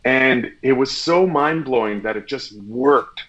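A man's voice: medium pitch, a little slow, highs cut off. A man, an actor, chatting as a guest in an interview and acting out the dialogue in his stories. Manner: animated storyteller, acts out quoted dialogue. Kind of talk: casual interview chat.

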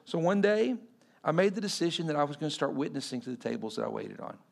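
In a sermon, a forties-aged pastor from Texas shares a personal story, voicing the people he quotes and alternating between loud and hushed moments. He speaks fast, very animated, with a fairly high and creaky voice.

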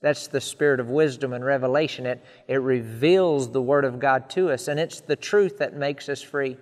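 A man's voice: mid-range voice, moderate pace, big-room sound. A man preaching a sermon in an earnest style, building emphatic repeated lists.

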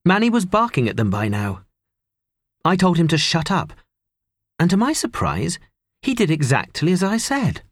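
A man's voice: on the high side, dry recording. A man narrating a children's novel as an audiobook, telling the story expressively on a close studio mic. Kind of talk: scripted narration.

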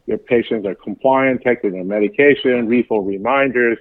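A man talking as a guest in an interview, explaining at length with halting speech, frequent fillers and restarts. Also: medium pitch, no echo. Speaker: pharmacy business guest. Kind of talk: casual interview chat. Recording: tinny phone line.

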